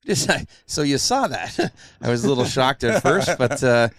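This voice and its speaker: Middle-aged male podcast host, lively storyteller, dry close sound. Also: mid-range voice, moderate pace, no room sound. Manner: animated storyteller, acts out quotes. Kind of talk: casual chat.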